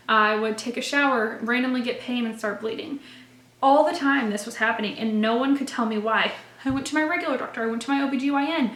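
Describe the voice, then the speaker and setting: A young woman in her twenties talks straight to the camera, telling her own story in a candid, earnest way. Her voice sits a little high, and the room around her has a noticeable echo. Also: fairly bright tone. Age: 20s. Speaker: vlogger. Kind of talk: personal story vlog.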